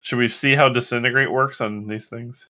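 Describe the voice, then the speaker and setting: A man playing a tabletop game, talking eagerly and quickly about the rules. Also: mid-range voice, steady tone, bright, forceful tone. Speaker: player. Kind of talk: casual tabletop game talk.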